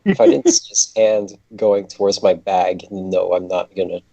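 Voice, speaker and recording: A man's voice: low-pitched, level tone, normal speed, gravelly, mellow, rough recording. A man playing in a tabletop game, talking casually, swearing and slipping in and out of character. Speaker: player.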